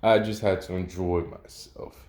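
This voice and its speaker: A man's voice: low voice, steady tone, normal speed, darkish tone, voice pushed down, close to an everyday voice. A man playing an eerie wolf-raised boy. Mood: amused, unbothered. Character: calm menacing teen boy raised by wolves. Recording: echoey room.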